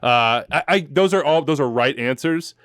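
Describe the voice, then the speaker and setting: A man's voice: on the high side, normal speed, a bit bright, no room sound, clean studio sound. A man hosting a soccer podcast, telling stories with emotion and joking asides while leading the chat. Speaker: podcast host.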